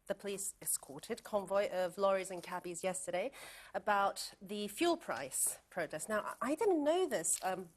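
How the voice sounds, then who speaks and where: A woman's voice: medium pitch, animated, normal speed. A woman guest on a talk show reviewing newspaper stories, hesitant with many fillers.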